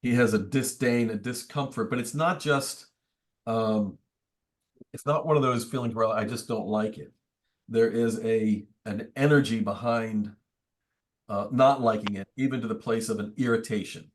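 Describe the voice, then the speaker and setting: A man's voice: fairly low pitch, normal speed. A man, a priest, teaching a book study group in a conversational, thoughtful way with wry asides. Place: church meeting room.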